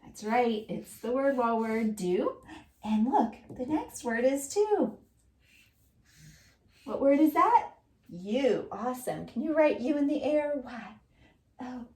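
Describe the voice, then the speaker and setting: A woman's voice: on the high side, warm tone. A woman teaching young children a writing lesson, asking questions and praising their answers. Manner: encouraging, asks questions and praises; reads slowly and clearly aloud. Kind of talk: early-grade writing lesson.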